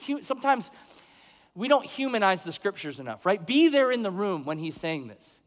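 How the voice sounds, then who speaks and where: A man's voice: high-pitched, very animated, brisk. A middle-aged man preaching a sermon, conversational, asking the congregation questions and acting out the people he quotes. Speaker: pastor. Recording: long hall reverb.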